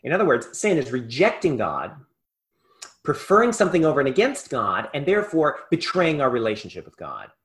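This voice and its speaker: A male preacher giving a sermon, impassioned, swinging between loud emphasis and hushed asides. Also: medium pitch, wildly swooping pitch, fairly quick.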